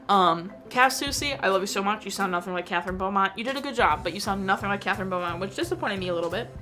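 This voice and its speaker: A woman's voice: medium pitch, a bit bright. A young woman vlogger chatting casually about a film she watched, full of fillers and emotional asides. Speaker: movie review vlogger. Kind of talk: casual chat.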